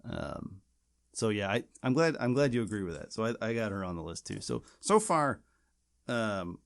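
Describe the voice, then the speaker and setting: A man's voice: on the low side, big pitch swings, moderate pace, gravelly. A man co-hosting a podcast, chatting casually and rambling with many restarts and fillers. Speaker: podcast co-host. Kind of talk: casual chat.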